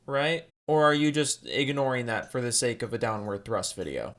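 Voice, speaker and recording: A man's voice: mid-range voice, normal speed, hardly any pauses, a bit bright. Sarcastic man ranting over gameplay. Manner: sarcastic, exasperated. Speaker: YouTube commentator. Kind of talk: response video commentary.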